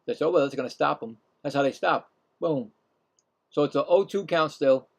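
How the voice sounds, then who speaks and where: A man with a Brooklyn accent hosting a casual live play-by-play stream, chatting and rambling between pitches. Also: moderate pace, gravelly. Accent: Brooklyn New York.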